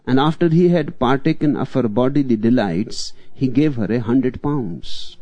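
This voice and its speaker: A man giving a spiritual discourse, telling jokes and asking rhetorical questions in an unhurried way. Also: mid-range voice, mellow, dry recording. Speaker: spiritual teacher.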